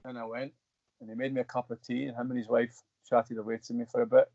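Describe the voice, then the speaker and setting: A man's voice: mid-range voice, quick pace, no echo. Scottish man, actor guest, rambling storyteller, muffled dry sound. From Scotland. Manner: rambling, restarts, animated retelling. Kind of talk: storytelling in an interview.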